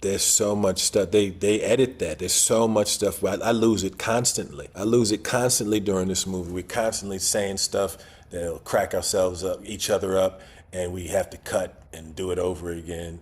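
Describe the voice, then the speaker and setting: A man's voice: deep voice, steady tone, normal speed, breathy edge. A man in his sixties, a guest actor in a casual interview, talking in a laid-back way with chuckles and repeated phrases. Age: 60s.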